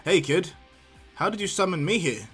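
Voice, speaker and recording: A measured monkey king spirit, as a man puts him on, calm and mentoring. It is told as a fan story with faint music beneath. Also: sits high, husky, voice pushed up, exaggerated voice.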